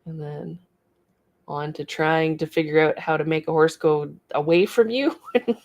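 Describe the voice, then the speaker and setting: Woman, middle-aged, slightly low voice, casual livestream host, chatty, rambling. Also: a little slow, darkish tone, highs cut off. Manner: chatty and rambling, reading out viewer comments. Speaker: artist hosting a studio livestream.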